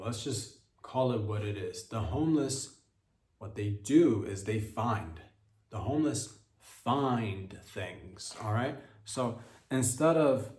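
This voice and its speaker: A man hosting a podcast, giving a deadpan satirical comedy monologue with mock-earnest sarcasm aimed at his audience. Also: mid-range voice, roomy sound. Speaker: podcast host.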